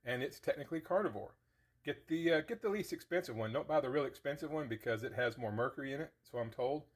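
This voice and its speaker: Fast and lively in intonation, this man's mid-range voice leads a relaxed how-to cooking vlog in his own kitchen. As a diet vlogger, he chats in a folksy manner and occasionally talks while eating.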